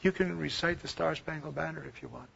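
A man preaching a sermon, swinging from loud declaiming to hushed near-whispers. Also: fairly high pitch, a little fast, vocal fry, a little hiss or hum. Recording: dull lo-fi recording.

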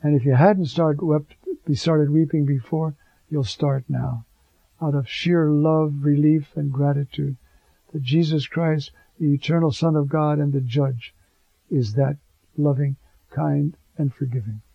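Gravelly fervent preaching priest, lo-fi. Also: male voice, on the high side, measured pace, no room sound. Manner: fervent, animated preaching with chuckles. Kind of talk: sermon. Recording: dull lo-fi dry recording.

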